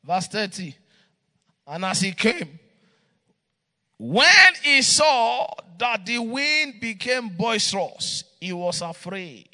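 A male pastor preaching and leading fervent prayer, often shouting and repeating each line. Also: high voice, sing-song, slow pace, big-room sound.

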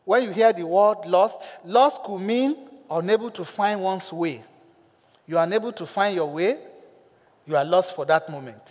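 A male pastor preaching a sermon, telling a story with lively acted lines and putting questions to the congregation. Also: sits high, normal speed, in a large hall.

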